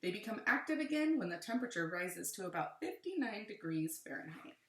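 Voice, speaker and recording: A woman's voice: mid-range voice, sing-song, fairly quick, a bit bright, roomy sound. A woman teacher reading a picture book aloud to young pupils and adding friendly asides.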